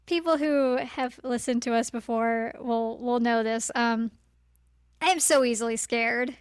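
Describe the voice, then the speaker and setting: A woman's voice: a little high, measured pace, smooth, no room sound, studio quality. A woman co-hosting a podcast, chatty and self-deprecating, with hesitant fillers. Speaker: podcast co-host. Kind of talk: casual chat.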